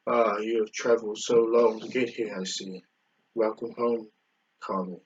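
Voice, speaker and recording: A gentle, ancient alien elder, solemn and kind, speaking in hushed, slow tones, as a man retelling a fan story puts him on. The voice is husky and stays flat in pitch, and the recording is dull and lo-fi. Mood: solemn welcoming.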